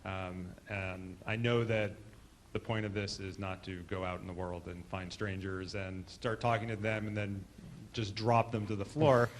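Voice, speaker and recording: A man's voice: low voice, flat delivery, normal speed, few pauses, a little hiss or hum. A man, a student at a hypnosis workshop, asking a question hesitantly and searching for his words.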